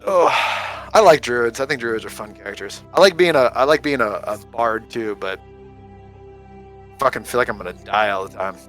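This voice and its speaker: A man's voice: medium pitch, expressive, normal speed, a bit bright, faint music behind, low-quality recording. A man playing a tabletop game, chatting casually with the other players in a rambling, joking way and laughing often. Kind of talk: casual chat between players.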